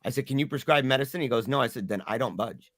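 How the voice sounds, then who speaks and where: A man's voice: mid-range voice, fast talker, no echo, clean studio sound. A middle-aged man, a podcast guest, telling an emotional story and acting out the people in it. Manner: animated, acts out quoted voices.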